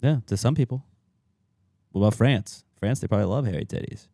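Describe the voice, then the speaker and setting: Low-voiced joking podcast co-host man. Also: fairly quick, mellow, no room sound, clean studio sound. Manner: joking, swears often. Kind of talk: casual podcast banter.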